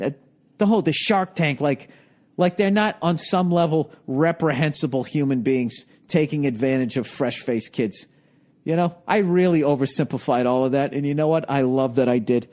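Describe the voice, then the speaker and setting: A man's voice: fairly high pitch, normal speed, a little mellow. A middle-aged man hosting a podcast, rambling profanely in casual chat and slipping into goofy voices to mimic people. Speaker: podcast host.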